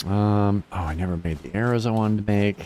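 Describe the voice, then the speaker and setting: A man's voice: on the low side, a little fast, dark tone, slight background noise. A man streaming a game and chatting casually, swearing and laughing his way through stories. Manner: loose, profane storytelling, laughing often. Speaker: livestreamer. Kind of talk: casual gaming stream chat.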